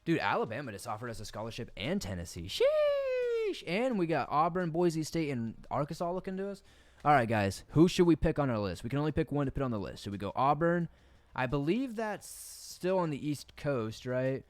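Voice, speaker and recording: A man's voice: on the high side, big pitch swings, a little fast, no room sound. A young man with a Southern American accent, streaming a football video game and rambling through casual, profane, jokey commentary at his desk mic. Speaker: gaming streamer.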